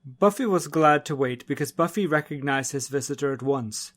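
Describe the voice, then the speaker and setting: A man reads a science fiction short story aloud in a steady narrating voice. His voice sits fairly high for a man, and he drops lower and quieter on the speech tags. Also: normal speed. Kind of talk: audiobook reading of a short story.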